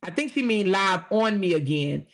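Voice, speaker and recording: A woman's voice: mid-range voice, animated, moderate pace. A woman hosting a commentary vlog talks straight to her viewers. She is blunt and sassy and swears freely, and she reads text messages aloud between her own comments. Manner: blunt and profane, sassy asides. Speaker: host.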